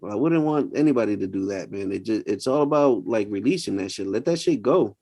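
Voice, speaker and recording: A man's voice: fairly low pitch, a little fast, creaky. Laid-back man chatting, swearing casually. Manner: relaxed, swears freely, repeats himself. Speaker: podcast co-host. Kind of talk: casual chat.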